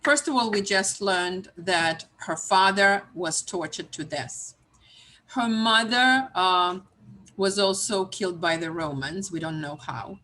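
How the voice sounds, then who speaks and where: Woman teaching a class, slow and halting, lots of ums. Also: on the low side, bright, forceful tone. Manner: halting, many fillers. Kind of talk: retelling a Talmud story in a class.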